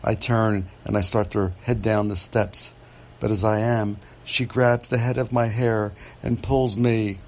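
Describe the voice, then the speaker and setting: A man, a real estate agent, telling a true story from his work in a measured, dramatic way. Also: lowish voice, level tone. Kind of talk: first-person storytelling podcast.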